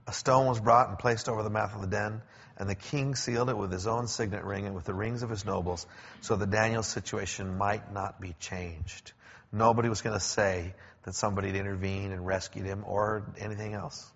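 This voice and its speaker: A man preaching a sermon in a conversational way, explaining with pauses and restarts, in a church. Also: on the low side, creaky, a bit bright. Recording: echoey hall, dull lo-fi sound.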